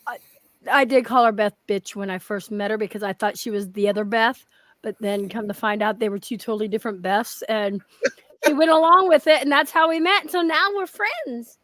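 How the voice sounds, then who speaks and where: A woman's voice: mid-range voice, fairly quick, a bit bright, no echo. A woman hosting a live stream, chatting casually, rambling and swearing. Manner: rambling, swears, laughs often. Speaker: stream host. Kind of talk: casual chat.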